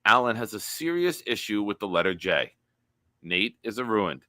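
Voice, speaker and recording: A man with a low, bright, forceful voice reads chat messages aloud with animation during an easygoing sports live stream. He speaks at a normal speed, and the close, dry sound has no room reverberation.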